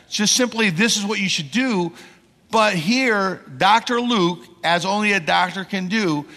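Middle-aged preacher guy, high bright voice, animated storytelling sermon, long church reverb. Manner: animated storyteller acting out quoted people. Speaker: missionary preacher. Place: church sanctuary. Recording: long reverb in a large hall.

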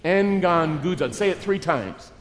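A middle-aged man preaching a sermon in an animated way, acting out the characters in his story. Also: high voice, measured pace. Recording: long reverb of a large hall.

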